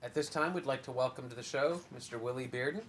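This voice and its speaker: A man's voice: mid-range voice, quick pace. A man hosts a talk show and formally introduces his guest before asking his first question. Faint guitar music plays underneath him. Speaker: host.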